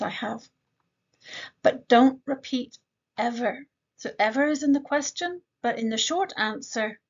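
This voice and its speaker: A woman with a fairly high voice leads a grammar lesson, speaking each example sentence slowly and with care. She often turns straight to the learner with quick questions. The audio sounds dull and lo-fi. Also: slightly rough. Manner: slow, deliberate modeling of example sentences. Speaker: English grammar teacher.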